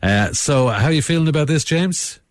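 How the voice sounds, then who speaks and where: A man's voice: fairly high pitch, lively intonation, moderate pace, no room sound. A man with an Irish accent hosting a radio show, chatty and jokey, bantering with his co-host into a studio mic. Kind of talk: upbeat radio chat. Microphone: studio microphone.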